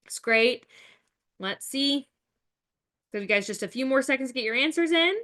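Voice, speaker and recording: Young nurse lady teaching a webinar, bright voice, kinda high, chatty and upbeat with the viewers. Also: lively intonation, moderate pace, pauses often. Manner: chatty, encouraging, addresses viewers as guys. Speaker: nurse educator hosting a webinar. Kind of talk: live webinar lecture.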